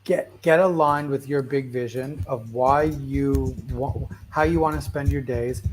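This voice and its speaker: A man with a mid-range voice, speaking a little slowly against a noisy background, hosts a casual motivational talk. A restless, animated storyteller, he rambles through anecdotes, constantly saying "right?" and "like" and often restarting his sentences.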